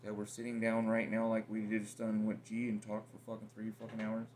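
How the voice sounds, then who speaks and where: A man with a lower voice talks at length in a casual but confrontational way. He is blunt and profane and rambles from point to point. Constant noise sits under the home recording. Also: completely flat delivery, fairly quick, darkish tone. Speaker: partner in a home conversation. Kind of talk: casual heated conversation.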